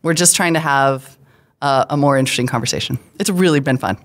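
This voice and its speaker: A woman guest on a tech news roundtable, talking quickly in long explanatory runs with plenty of asides. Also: very deep voice. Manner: fast, animated explainer with asides. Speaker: guest commentator. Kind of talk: casual roundtable chat.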